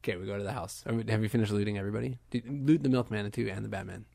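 A man's voice: fairly low pitch, steady tone, racing, gravelly, warm tone, dry recording. A man playing a tabletop game, joking and impulsive in casual banter. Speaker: player.

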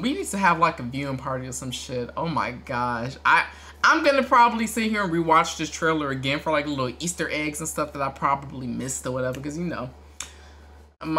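Excitable high-voiced reaction host. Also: male voice. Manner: shouts and cries out in excitement, casual slang.

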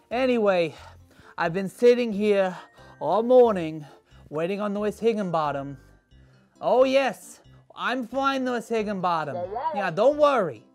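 This performer's lightly acted, medium-pitched voice brings to life a sarcastic, easily irritated kid in a children's church skit. The character grumbles deadpan and dry while music plays faintly behind.

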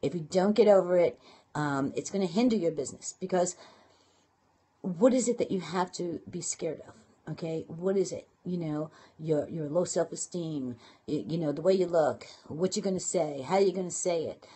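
A woman with a Brooklyn accent talking casually to viewers on a live stream, quick and chatty with lots of fillers and restarts. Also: lowish voice, dark tone, husky. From Brooklyn, New York. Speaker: blogging and marketing coach. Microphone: phone or webcam live stream.

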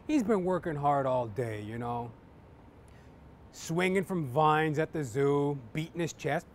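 A man's voice: on the high side, a little hiss or hum. A man doing stand-up, telling jokes in a rambling way, with constant "you know" asides. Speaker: stand-up comedian.

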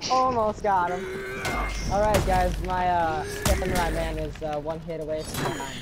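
A young man chatting casually and reacting excitably while playing a video game. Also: high voice, moderate pace, heavy background noise. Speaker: gamer. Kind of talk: casual gameplay chat. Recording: loud game music behind voice. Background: music.

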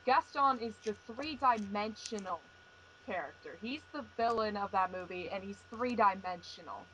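A woman co-hosting a casual fan podcast, chatty and quick to laugh, with fillers. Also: mid-range voice, a bit bright, a little hiss or hum, rough recording. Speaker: podcast co-host.

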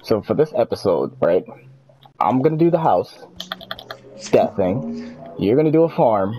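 A man's voice: fairly low pitch, big pitch swings, a little slow, warm tone, soft background music, poor audio. A man hosting a gaming video, chatting casually and rambling through self-corrections while he plays. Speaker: gaming channel host. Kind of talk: casual gameplay chat.

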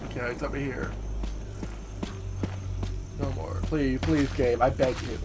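A man giving profane, jumpy let's-play commentary, yelling at the game as he plays. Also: mid-range voice, fairly even intonation, measured pace, soft background music. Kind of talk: gameplay commentary.

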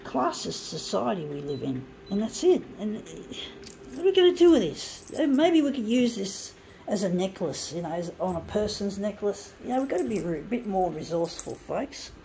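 Casting: woman, indignant crafter, gravelly edge, swears freely, faint background noise. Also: mid-range voice, sing-song, normal speed, dark tone, rough recording. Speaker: craft vlogger. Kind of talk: ranting while crafting.

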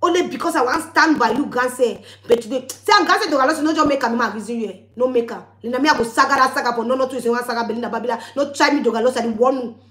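A woman's voice: on the high side, very fast, a bit bright, reverberant. A woman with a West African Pidgin English accent, ranting at her viewers in a heated, scolding vlog. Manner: scolding, heated, with repeated warnings. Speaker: vlogger. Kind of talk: angry ranting monologue to viewers.

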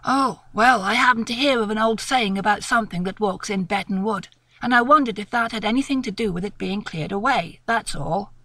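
A woman voicing a well-spoken young gentleman of the manor, politely pressing for answers. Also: medium pitch, a little fast, no room sound, voice pushed down. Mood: coaxing.

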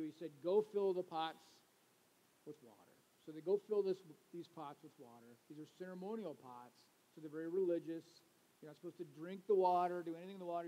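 A man's voice: a little high, warm tone, rough recording. A middle-aged male pastor preaching a sermon in a conversational way, with joking asides to his congregation.

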